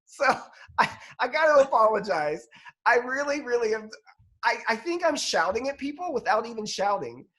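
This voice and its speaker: A man's voice: very high voice, big pitch swings, normal speed, a bit bright. A man co-hosting a podcast, chatting casually about football in a rambling, self-deprecating way. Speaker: podcast co-host.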